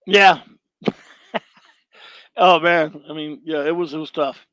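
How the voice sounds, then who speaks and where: Higher-voiced middle-aged man, blunt. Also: fairly even intonation, slow pace, fairly bright tone, no echo. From Louisiana. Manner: blunt and opinionated, rambling with restarts. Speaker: show host. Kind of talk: casual live-show monologue, answering chat.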